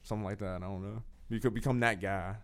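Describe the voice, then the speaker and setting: Quick-talking young guy cracking sarcastic jokes on a student radio show. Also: fairly low pitch, fairly even intonation. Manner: jokey, sarcastic, rambling. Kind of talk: casual chat.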